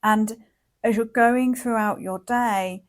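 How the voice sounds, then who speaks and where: A woman hosting a wellbeing podcast, talking in a gentle, reflective monologue with frequent "like" and "you know" fillers. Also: a little high, fairly even intonation, takes it slowly. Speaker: podcast host and wellbeing coach.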